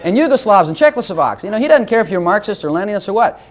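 A man's voice: high voice, sing-song, quick pace. A man preaching a sermon, joking between passages of scripture he reads aloud. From Texas.

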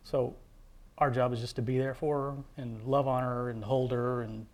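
A man's voice: mid-range voice, flat delivery, darkish tone. Earnest man sharing a faith testimony. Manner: earnest, halting, with many fillers and restarts; heartfelt, devout storytelling. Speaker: father telling his testimony.

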